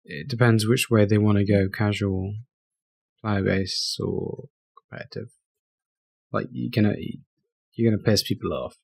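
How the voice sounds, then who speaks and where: Gravelly, husky man. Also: on the low side, fairly even intonation, unhurried, darkish tone. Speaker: podcast co-host. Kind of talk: casual gaming podcast chat.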